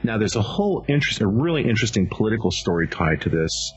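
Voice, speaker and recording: A man's voice: on the low side, sing-song, fast talker, husky. A man recounting a dramatic sighting he witnessed, telling it as a vivid personal story with emphatic stresses and frequent restarts. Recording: dull lo-fi recording with faint music.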